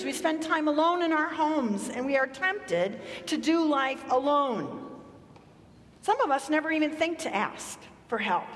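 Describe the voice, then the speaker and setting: A woman's voice: high voice, fairly bright tone. A woman pastor preaching a sermon in a conversational, storytelling way. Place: church sanctuary. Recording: echoey church hall.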